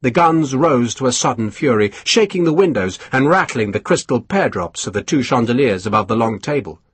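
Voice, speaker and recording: Husky male audiobook narrator. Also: medium pitch, animated, fairly quick, dry recording. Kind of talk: scripted narration.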